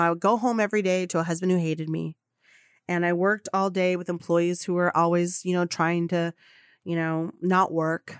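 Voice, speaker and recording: A woman's voice: lowish voice, smooth, no echo, clean studio sound. Fiery, foul-mouthed woman podcast host. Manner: profane, fired-up and chatty. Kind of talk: motivational storytelling monologue.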